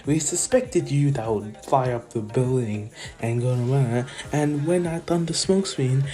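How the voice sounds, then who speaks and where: A man's voice: a little high, natural voice. A man voicing a hot-tempered, cocky teenage boy rival who taunts his opponent in a told-aloud fan story. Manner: taunting, shouty, calls others nerd.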